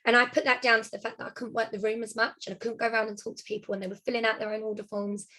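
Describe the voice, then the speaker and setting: A woman's voice: on the high side, flat delivery, racing, sharp tone. A woman casually sharing practical party-hosting tips on a group call, friendly and a little rambling. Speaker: direct sales consultant sharing tips.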